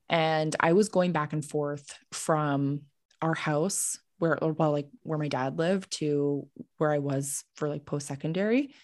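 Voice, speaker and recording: Low-voiced young woman telling a story. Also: darkish tone, no room sound, clean studio sound. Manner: chatty, heavy use of "like", laughs when awkward. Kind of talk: casual storytelling. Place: home, on a video call.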